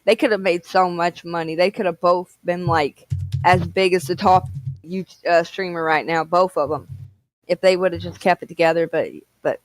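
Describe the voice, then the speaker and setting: A woman's voice: on the low side, fairly even intonation, normal speed, no room sound, poor audio. A woman co-hosting a casual chat show, easygoing and rambling with lots of fillers. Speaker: co-host.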